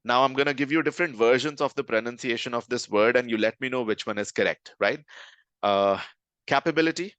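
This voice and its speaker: A man leads a live online lesson in a steady, middle-pitched voice. He talks conversationally and keeps checking in with his listeners. The recording is dry and close, with no room sound. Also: a little fast, clear, resonant tone, no echo, highs cut off. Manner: conversational, checks in with "right?" often. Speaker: communication trainer.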